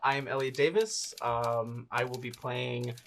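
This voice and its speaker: A man playing a tabletop role-playing game, describing his character in a halting way with many fillers. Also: medium pitch, fairly bright tone. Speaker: player.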